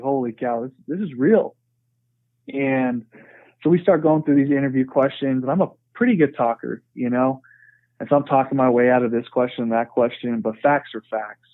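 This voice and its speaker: A man in the middle of a frank, earnest story, speaking at an ordinary pitch and leaning on "you know" as he goes. The sound is narrow and tinny, like a phone line, and bone-dry with no room around it. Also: dry recording. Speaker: podcast guest. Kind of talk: conversational storytelling.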